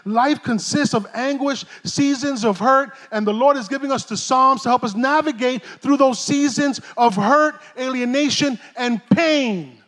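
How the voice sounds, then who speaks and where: High-voiced New pastor preaching. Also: male voice, a little slow, hardly any pauses. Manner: animated, joking, streetwise preaching. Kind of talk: sermon. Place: church stage.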